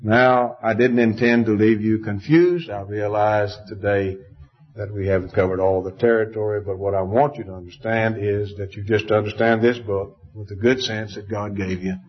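A man preaching a sermon, emphatic, his voice jumping up in pitch to stress each point. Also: fairly even intonation, moderate pace. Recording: dull lo-fi recording.

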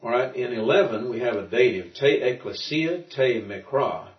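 Captured from far off in muffled, roomy audio, a man with a mid-range voice teaches Greek in a relaxed classroom. He talks at a normal pace, patiently working things out aloud and frequently starting over.

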